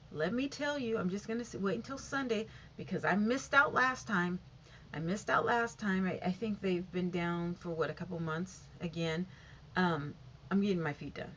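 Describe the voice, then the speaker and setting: A woman's voice: on the low side, fairly bright tone, highs cut off, a little hiss or hum. A woman vlogging from home, reading out statistics in a rambling, casual way and often stumbling over and correcting the numbers. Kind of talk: casual update reading figures aloud.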